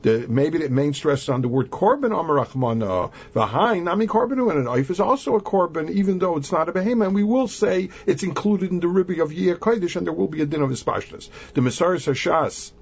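A man's voice: sits high, lively intonation, fast talker, hardly any pauses, breathy edge. Yeshivish man teaching a Talmud lesson. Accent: Yeshivish English. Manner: reasoning aloud, mixing Hebrew and Yiddish terms into English. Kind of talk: Talmud lesson, analytical explanation. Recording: dull lo-fi recording.

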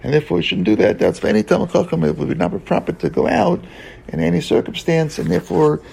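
A man teaching a Talmud lesson in a halting way, restarting his sentences often and mixing English with Hebrew and Aramaic terms. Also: fairly high pitch, lively intonation, gravelly, a little mellow, breathy edge, poor audio. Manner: halting, with many restarts and fillers. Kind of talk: Talmud study lecture.

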